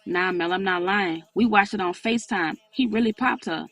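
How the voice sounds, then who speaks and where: A young woman talks urgently and insistently in street slang, as a woman reads her in an audiobook. The voice stays husky and close. The sound is dry. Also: mid-range voice, moderate pace, a bit bright, no room sound, faint music behind, lightly acted.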